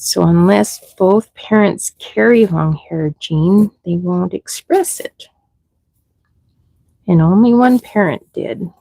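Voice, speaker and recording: Slow-talking woman with a gravelly low voice. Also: dark tone, dry recording, rough recording. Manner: chatty, talks sweetly to baby rabbits. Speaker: rabbit breeder hosting a livestream. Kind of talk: casual livestream chat.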